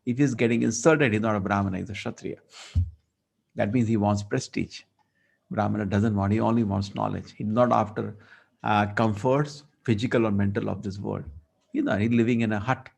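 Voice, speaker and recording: A man teaching a scripture class, telling the story lively and acting out the dialogue. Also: on the low side, normal speed, gravelly. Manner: storytelling, acts out dialogue, asides. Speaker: spiritual teacher.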